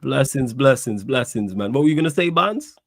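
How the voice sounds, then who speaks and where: A man hosting a casual live podcast, his voice hoarse and cracking from singing, talking excitedly in slang. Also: medium pitch, brisk, dry recording, studio quality. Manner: excited, shout-outs in slang. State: strained, cracking voice. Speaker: podcast host.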